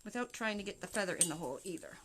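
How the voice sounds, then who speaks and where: Over a noisy background, a Canadian woman's mid-range voice moves in a rapid-fire, sing-song way as she hosts a wreath-making livestream. She chats casually with live viewers, walking them step by step through the craft while working.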